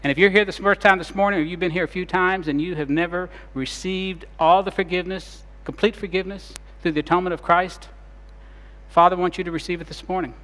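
A man preaching a sermon as pastor, retelling scenes dramatically and shifting between loud and soft delivery. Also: high voice, steady tone, quick pace, long reverb tail.

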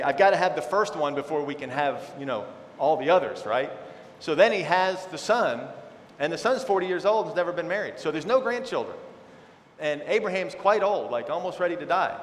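Man, Bible teacher, casual sermon, fairly high voice, echoey hall, faint room noise. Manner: relaxed, conversational, self-deprecating asides. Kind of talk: sermon with scripture reading.

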